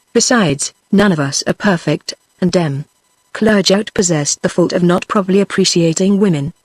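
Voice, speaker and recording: A text-to-speech woman's voice with a British English accent, reading a novel aloud in an even, machine-paced way. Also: fairly low pitch, dry recording. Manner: even, machine-read pacing. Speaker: audiobook reader. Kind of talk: synthetic audiobook narration.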